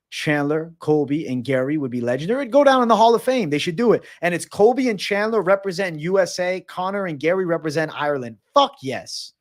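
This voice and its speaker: Casual male MMA streamer, profane, chatty, reads out chat. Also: on the high side. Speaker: MMA livestream host.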